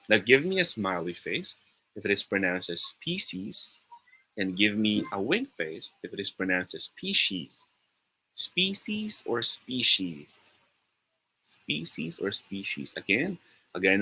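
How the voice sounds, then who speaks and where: A man's voice: on the low side, sharp tone, slightly rough, poor audio. A young man with a Filipino accent, teaching an upbeat and encouraging online pronunciation lesson, often slipping into Tagalog. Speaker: online tutor.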